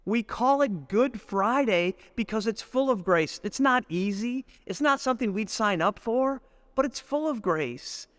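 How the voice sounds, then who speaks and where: A middle-aged man giving a spiritual retreat reflection, deliberate and storytelling, slowing down to linger on lists of words. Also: very high voice, sing-song, fairly bright tone, no echo. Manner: storytelling, acts out everyday speech. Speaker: retreat speaker.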